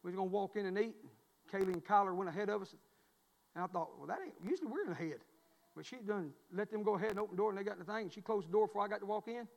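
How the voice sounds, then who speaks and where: High-voiced preacher in an echoing church. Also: male voice, fairly even intonation, very fast, gravelly. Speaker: pastor. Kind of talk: sermon. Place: church sanctuary. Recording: long reverb of a church hall.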